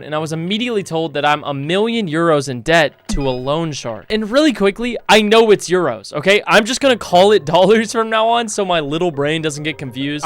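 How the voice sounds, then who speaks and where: A young man commentating and narrating a horror game, excitable and slangy, swearing often. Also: on the high side. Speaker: gaming YouTuber.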